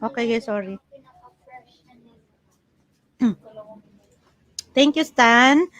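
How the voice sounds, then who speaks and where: Giggly Filipino-accented woman, high-pitched. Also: takes it slowly, long pauses, a bit bright, no room sound, rough recording. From Philippines. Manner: chatty, giggly, code-switching. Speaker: livestream host. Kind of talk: casual livestream chat.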